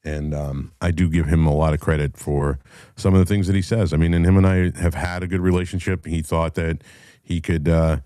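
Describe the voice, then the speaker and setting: A middle-aged man hosting his own show, ranting with heavy swearing, going from low muttering to loud heated bursts. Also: steady tone, brisk, smooth, dry recording, clean studio sound. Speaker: podcast host. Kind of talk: profane ranting commentary.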